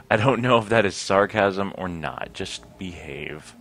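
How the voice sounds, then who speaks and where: A man's voice: deep voice, expressive, unhurried, fairly bright tone. A man playing a computer game, commenting casually with self-mocking jokes. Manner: joking asides, self-mocking. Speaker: let's play gamer.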